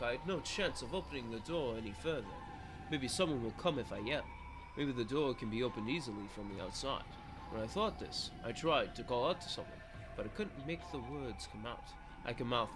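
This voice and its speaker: A man's voice: mid-range voice, expressive, moderate pace. A man streaming a visual novel, reading its first-person narration aloud with dramatic, pleading repetition. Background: game music.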